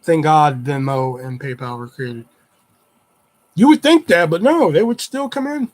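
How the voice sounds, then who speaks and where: Dude on a livestream rambling through stories, swears constantly, kinda high voice. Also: male voice, lively intonation, a little slow. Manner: rambling and heavily profane. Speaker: livestream host. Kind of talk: casual storytelling chat.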